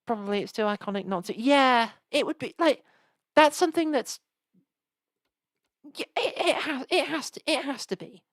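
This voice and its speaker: A woman's voice: sits high, normal speed, no room sound. A woman chatting casually and rambling while she live-streams old games. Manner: rambling, chatty, lots of restarts and asides.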